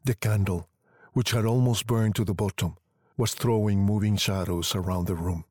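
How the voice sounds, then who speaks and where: Male storyteller, low husky voice, measured reading, dry close sound. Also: fairly even intonation, a little mellow, dry recording. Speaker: narrator. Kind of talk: scripted story narration.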